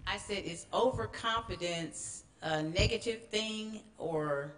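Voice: medium pitch, slow pace, a bit bright. Hesitant audience member asking a question. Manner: hesitant, rephrasing mid-question. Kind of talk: unscripted question from the floor.

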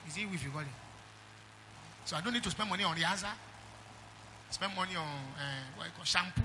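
A man's voice: a little high, fairly quick, bright, forceful tone, a little hiss or hum. A middle-aged man with a Nigerian accent preaching a sermon, emphatic and calling the congregation for amens. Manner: emphatic preaching with call-and-response. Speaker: pastor.

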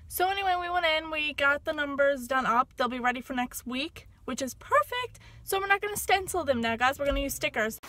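A woman's voice: high-pitched, sharp tone. A woman vlogging in a chatty, upbeat way, talking to her viewers about her busy day. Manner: upbeat, chatty, addresses viewers as "you guys". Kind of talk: casual vlog chat.

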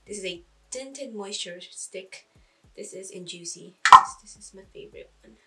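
A woman's voice: medium pitch, moderate pace, recorded from a distance, very noisy. A woman giving a casual makeup tutorial, chatting, thinking aloud and poking fun at herself as she goes. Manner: chatty, self-deprecating, thinks aloud with fillers. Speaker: beauty vlogger.

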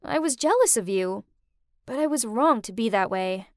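A woman voicing a teenage older sister who was jealous and bratty, speaking earnestly and apologetically in an animated story. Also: on the high side, normal speed, no room sound, clean studio sound, natural voice. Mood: apologetic.

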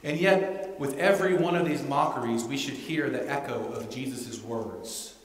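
Male pastor, mid-pitched, preaching a chatty sermon in a reverberant sanctuary. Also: moderate pace. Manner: conversational, often asks "right?". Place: church sanctuary. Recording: echoey church hall.

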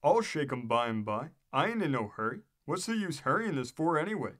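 A man's voice: on the high side, big pitch swings, brisk, fairly bright tone. A man reading a story aloud and voicing a stubborn, drunken hotel keeper who answers with contempt. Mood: defiant. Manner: defiant, slurring drunk swagger.

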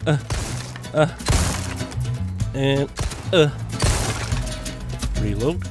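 Male gamer, slow casual commentary with loud excited target callouts. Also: medium pitch. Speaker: gameplay commentator. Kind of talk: casual let's play commentary. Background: game music.

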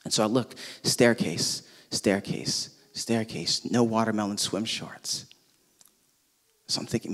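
A man in his thirties from Hawaii, a pastor telling a personal story in a casual, animated sermon with plenty of fillers. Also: fairly low pitch, measured pace. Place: church auditorium. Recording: long reverb from a large hall.

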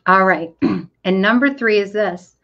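A middle-aged woman gives a motivational talk, coaching listeners directly in an earnest, emphatic way. She speaks at an unhurried pace in a medium-pitched voice, and the audio is dull and lo-fi.

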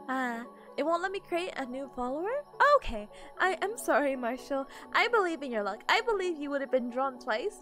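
A woman's voice: high voice, a bit bright. A sleepy woman streamer chatting casually with her viewers, giggling often and greeting people in chat.

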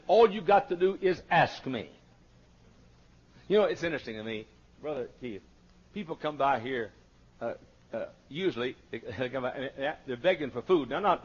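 A man preaching a folksy sermon as pastor, swinging from loud emphatic rises to quiet asides. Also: high-pitched, husky. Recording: dull lo-fi archival sermon tape.

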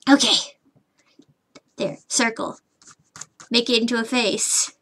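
A woman's voice: a little high, a bit bright. A woman streaming herself drawing, rambling to herself, humming and muttering, frustrated and swearing casually at her computer. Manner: rambling self-talk, muttering and humming while working. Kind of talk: live drawing stream chatter.

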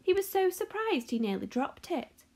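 Woman teacher, storybook read-aloud, expressive and lively. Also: very high-pitched, moderate pace. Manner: expressive, animated reading. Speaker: teacher reading a class novel.

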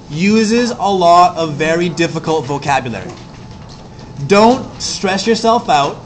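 A male English teacher giving a classroom lecture, explaining things quickly and repeating himself as he goes. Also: sits high, a little hiss or hum.

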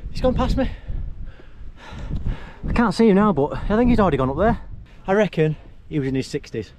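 With slight noise behind him, this hiking vlogger speaks in a high, sing-song, somewhat mellow voice at a brisk pace. Climbing a rocky mountain outdoors while cold and exerting himself, he delivers chatty, breathless, self-deprecating commentary, exclaiming along the way, into a handheld or body-mounted action camera.

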